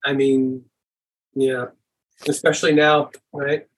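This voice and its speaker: A middle-aged man chatting as a podcast guest, relaxed and rambling, with lots of "and stuff". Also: medium pitch, slow pace. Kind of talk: casual conversation.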